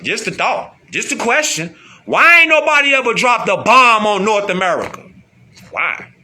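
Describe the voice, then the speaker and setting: A man's high, sing-song voice sounds pushed and bright as he talks at a moderate pace, with slight background noise. An online commentator, he gives a casual, slangy streetwise monologue, repeating points and tossing out rhetorical questions.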